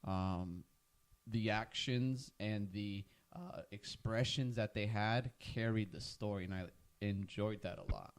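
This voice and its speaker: A young man co-hosting a podcast, joking and sharing animated opinions. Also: fairly low pitch, slow pace. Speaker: podcast co-host. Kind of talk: casual chat.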